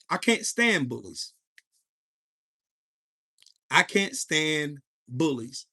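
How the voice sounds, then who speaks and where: A man in his forties hosts a live podcast and tells a heated story full of profanity, breaking off to greet his chat. His voice sits a bit higher than most men's. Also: pushed and bright. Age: 40s. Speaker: podcast host.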